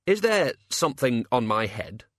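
A man's voice: medium pitch, sing-song, normal speed, fairly bright tone, dry recording, clean studio sound. A man doing a pompous, touchy old wizard. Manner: pompous and snappish. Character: pompous balding older male wizard, touchy and irritable.

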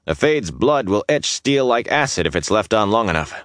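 A man's voice: fairly low pitch, sing-song, moderate pace, a bit bright, no room sound, studio quality, pitched above the performer's own voice. A man voicing a young male leader who gives firm, commanding orders to weary soldiers in an audiobook. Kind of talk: audiobook character voice.

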